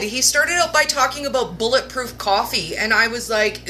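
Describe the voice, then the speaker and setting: A woman hosting a livestream, telling a personal story in a casual, animated way with laughs and mock-dramatic asides. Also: a little high, measured pace, a little hiss or hum. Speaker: livestream host. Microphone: webcam or phone livestream.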